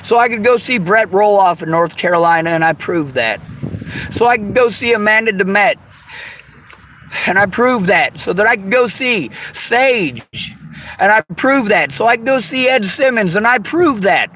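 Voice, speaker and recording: A man with a high voice rants in fury, swearing constantly and turning bitterly sarcastic. He speaks outdoors, with faint traffic and street sounds behind him. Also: animated, moderate pace, pushed and bright, low-quality recording. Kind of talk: angry personal rant.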